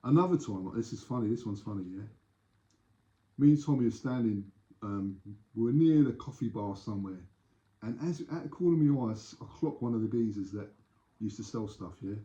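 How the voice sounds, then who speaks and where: An older man casually telling anecdotes as an interview guest, animated and acting out the voices in his stories. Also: fairly low pitch, brisk. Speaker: interview guest, former doorman. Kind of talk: casual storytelling. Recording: echoey room, dull lo-fi sound.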